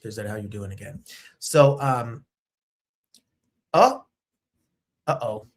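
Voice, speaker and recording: A man hosting a show in casual chat, excitable and chatty, jumping from topic to topic. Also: medium pitch, takes it slowly. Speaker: host. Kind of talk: casual live-stream chat.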